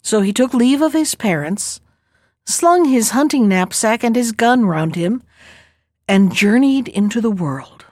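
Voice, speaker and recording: A woman reading a fairy tale aloud in a calm, measured storytelling voice. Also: on the high side, no room sound, studio quality.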